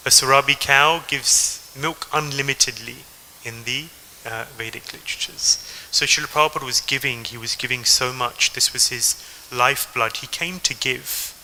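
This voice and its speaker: An Englishman with an English accent gives a devotional talk at a temple, telling stories and speaking directly to the audience. His mid-range voice is sharp in tone with fairly even intonation at normal speed, and the poor audio carries a little hiss or hum.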